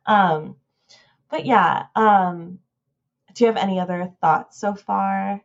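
A woman co-hosting a casual podcast, talking in excited, rambling fan rants. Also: medium pitch, slow pace, creaky, muffled recording. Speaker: podcast co-host.

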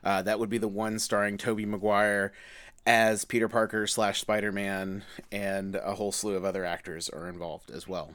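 A man's voice: fairly low pitch, flat delivery, moderate pace, fairly bright tone. A man co-hosting a casual film podcast, chatty and playful, often restarting his sentences. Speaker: podcast co-host. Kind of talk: casual chat.

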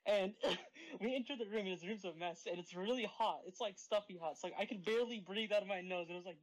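A man's voice: sits high, quick pace, poor audio. A young man co-hosting a podcast, telling a story in a rambling way, full of "like" and laughing as he goes. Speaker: podcast co-host. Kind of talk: casual storytelling among friends.

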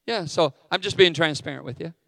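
A man's voice: on the high side, fairly quick, vocal fry, sharp tone, clean studio sound. A middle-aged man preaching a sermon as a pastor, candid and self-deprecating in his asides. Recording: long hall reverb.

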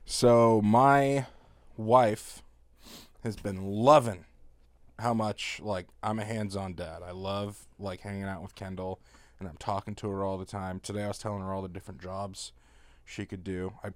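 A man in his thirties with a low voice tells stories in a casual podcast chat. He is animated and breaks into laughter often. The sound is dry and close, with no room around it. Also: normal speed, dry recording. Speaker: podcast co-host.

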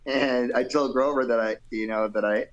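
A man's voice: mid-range voice, fairly even intonation, moderate pace, muffled recording. A middle-aged man, a guest musician, telling a loose anecdotal story in an interview and acting out the quotes.

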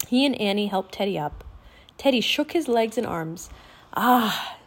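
Expressive woman reading a children's book. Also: mid-range voice, normal speed. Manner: clear, expressive storytelling. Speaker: audiobook narrator. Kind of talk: children's audiobook narration.

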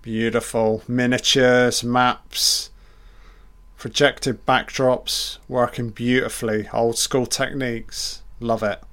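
A man's voice: mid-range voice, flat delivery, slow pace, a bit bright. A man giving casual film commentary in short, admiring remarks, swearing often.

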